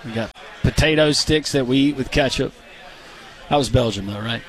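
A man co-hosts a sports talk radio show, animatedly joking and bantering with his colleagues. His voice is medium in pitch and his pace is moderate.

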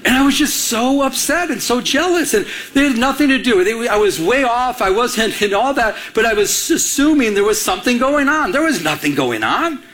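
A man's voice: very high voice, expressive, normal speed, hardly any pauses, a bit bright. A middle-aged man from Michigan preaching a sermon, telling a personal story in a conversational way and acting out the dialogue. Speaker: pastor.

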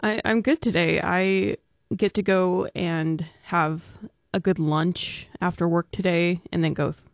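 A radio producer answering the host casually, soft and relaxed. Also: mid-range voice, unhurried, gravelly, dry recording, clean studio sound. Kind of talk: casual studio chat. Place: radio studio.

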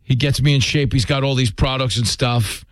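A man doing a gravelly, brash tough-guy official. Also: medium pitch, moderate pace, dry recording, close to an everyday voice. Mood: chummy. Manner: brash, boastful, threatening. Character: gruff tough-guy border official, threatening.

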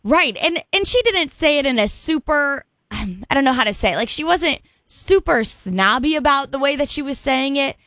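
A woman's voice: high-pitched, lively intonation, moderate pace, bright, forceful tone, no echo, clean studio sound. A woman hosting a call-in radio show, chatting casually, laughing and trailing off into restarts. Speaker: radio host.

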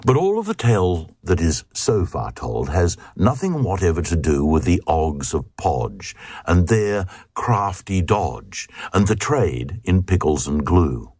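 Male reader, low and lively, slow playful delivery of comic verse, dry. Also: breathy edge, no room sound. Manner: playful, sing-song storytelling. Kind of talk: reading comic verse aloud.

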